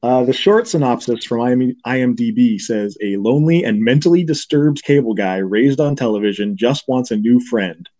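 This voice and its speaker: Mellow-voiced man recapping a movie. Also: mid-range voice, lively intonation, normal speed, few pauses. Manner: recaps scenes with brief impressions of characters. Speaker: podcast co-host. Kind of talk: casual movie recap chat.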